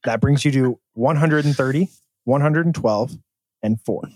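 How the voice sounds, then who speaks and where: A man's voice: mid-range voice, normal speed, a little mellow. A man co-hosting a sports podcast, chatting casually with jokes and profane banter. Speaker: podcast co-host.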